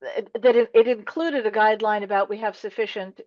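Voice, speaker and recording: A woman on a town committee, quick and insistent as she makes her point in a meeting discussion. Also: mid-range voice, steady tone, dry recording, lo-fi sound. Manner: quick, talks over others to make her point. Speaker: committee member.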